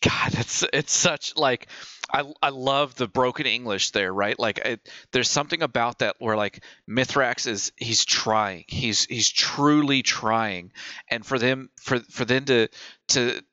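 A man co-hosting a podcast, gushing excitedly and emotionally about the story. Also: mid-range voice, a little slow, no room sound, muffled recording. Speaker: podcast co-host. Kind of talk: casual chat.

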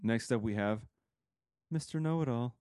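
A man's voice: mid-range voice, moderate pace, darkish tone, clean tone, no room sound, clean studio sound. A man hosting a casual podcast with friends, running a quiz segment with lots of jokes, laughter and swearing. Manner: laughing, joking, profane. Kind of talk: casual chat among friends. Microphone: studio microphone.

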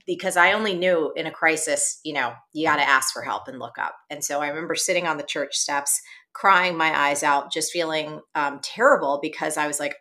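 A woman guest on an interview show, telling her story in a lively, animated way. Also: deep voice, a little fast. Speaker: guest, entrepreneur and business coach.

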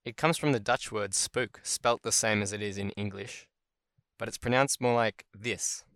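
A man's voice: on the low side, normal speed, fairly bright tone, no echo. A man hosting a solo podcast about word origins, chatting casually and thinking aloud as he goes. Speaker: podcast host.

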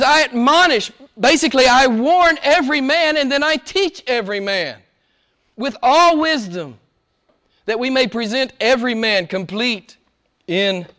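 A male pastor with a high voice delivers an impassioned sermon. He drops to a soft tone and then builds to loud, repeating phrases for emphasis.

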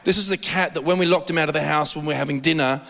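A man giving a conversational sermon, telling lively, joking stories and acting out quotes. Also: fairly high pitch, very fast, vocal fry. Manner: animated storytelling with jokes and acted-out quotes. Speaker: preacher. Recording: long hall reverb.

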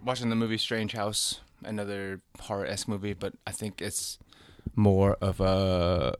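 A man's voice: on the low side, flat delivery, moderate pace, clean tone. A man in a casual chat who swears and calls his friends bro.

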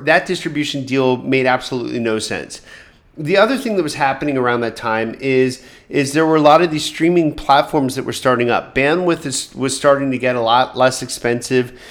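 A man hosting a solo podcast with a mid-pitched voice. He talks in a conversational, fairly monotone way and often trails into fillers and restarts. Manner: calls his own voice monotone. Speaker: podcast host.

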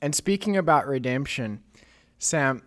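A man's voice: mid-range voice, animated, measured pace. A man hosting a casual chat, encouraging his guests and asking about their stories. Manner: encouraging, says "come on" often. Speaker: podcast host.

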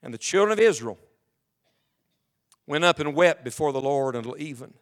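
A man's voice: fairly high pitch, lively intonation, normal speed, pauses often. A male pastor preaching a sermon to his congregation, reading scripture aloud and asking the room emphatic questions. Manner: reads scripture aloud in King James wording. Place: church sanctuary with congregation.

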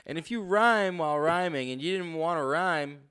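A man's voice: a little high, normal speed, a bit bright, clear, resonant tone. Man reading tips with jokey asides. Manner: reads tips aloud with jokey asides, tags lines with "right?". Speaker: co-host. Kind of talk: casual comedic chat reading tips.

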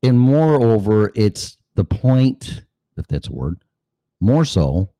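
A man's voice: lowish voice, very animated, slow pace, dark tone, no echo. A man hosting a show, ranting sarcastically and cursing, now and then acting out other voices. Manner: acts out voices mid-rant. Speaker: show host. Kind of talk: opinion monologue.

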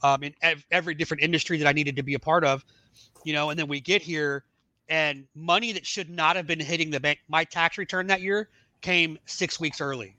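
Middle-aged man, bright, dry close sound, animated storyteller acting out dialogue. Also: on the high side, fairly quick, no room sound. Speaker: podcast guest. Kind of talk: telling his life story in casual chat.

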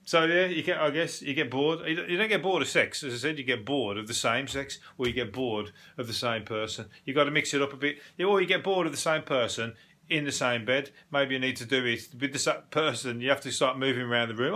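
A man hosting a podcast, rambling bluntly with plenty of swearing and quick laughs. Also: mid-range voice, bright, forceful tone. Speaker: podcast host. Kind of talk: casual comedic monologue.

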